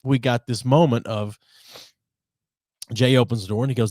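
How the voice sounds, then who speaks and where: A man's voice: medium pitch, fairly quick, pauses often, no room sound. Podcast guy telling a story, acts out voices, dry close sound. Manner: animated storyteller, acts out quotes. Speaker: podcast co-host. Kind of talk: casual storytelling chat.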